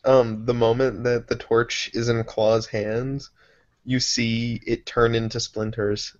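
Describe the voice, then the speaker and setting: Male game master, playful narrator, stammers and laughs, mid pitch, muffled lo-fi recording. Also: level tone, takes it slowly. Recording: dull lo-fi sound.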